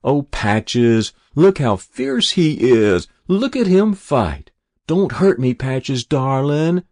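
A man's voice: medium pitch, big pitch swings, takes it slowly, darkish tone, no room sound, clean studio sound, pitched above the performer's own voice. A man doing squealing, taunting schoolkids. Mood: mocking. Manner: squealing, mocking singsong. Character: jeering schoolchildren mocking a boy, squealing. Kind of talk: audiobook character voice.

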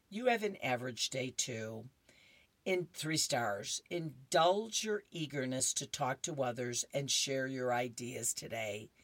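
Woman radio reader, unhurried, chatty asides, dry studio sound. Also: deep voice, dry recording. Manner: chatty asides, laughs at the jokes. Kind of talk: reading horoscopes and comic strips on radio.

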